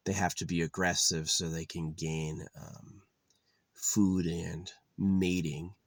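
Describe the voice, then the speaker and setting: Low-voiced guy rambling and cursing, lots of ums and likes, dry close sound. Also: little pitch movement, slow, dry recording. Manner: meandering, profane, frequent fillers and restarts. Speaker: vlogger. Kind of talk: rambling casual monologue.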